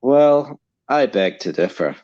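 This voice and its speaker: A man talking in a steady, deliberate, opinionated way in a casual chat, as a co-host. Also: medium pitch, lo-fi sound.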